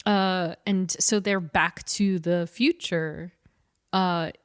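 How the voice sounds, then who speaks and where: A woman co-hosting a podcast in casual chat, animated and laughing often, bursting into loud acted-out quotes. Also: fairly low pitch, slow pace, clean tone, no room sound, studio quality. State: short on sleep. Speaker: podcast co-host.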